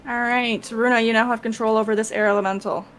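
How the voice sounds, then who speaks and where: A woman acting as game master, giving brisk, practical instructions in a casual session. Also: a little high, little pitch movement, fairly bright tone, soft background music. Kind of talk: running a tabletop game.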